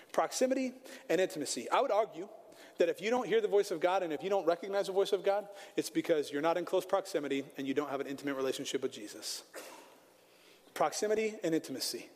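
A man's voice: a little high, darkish tone. A male pastor in his thirties preaching a sermon, telling stories with playful asides to the congregation. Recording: long hall reverb with music behind.

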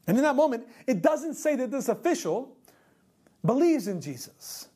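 A pastor preaching a sermon, emphatic, repeating rhetorical questions and slowing down for key points. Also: sits high, very animated, mellow, husky.

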